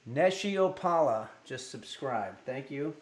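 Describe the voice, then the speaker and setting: A man's voice: mid-range voice, animated, a little slow, roomy sound. A man streaming live from home, chatting casually at his desk microphone and reading viewer messages aloud with lots of fillers. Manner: rambling, reads chat messages aloud with many fillers. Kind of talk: casual livestream chat.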